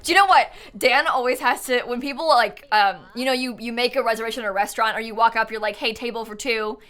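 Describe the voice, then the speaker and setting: A woman's voice: on the high side, fast, a bit bright. A woman from the United States live-streaming a game, chatting casually and rambling, often laughing and answering her chat.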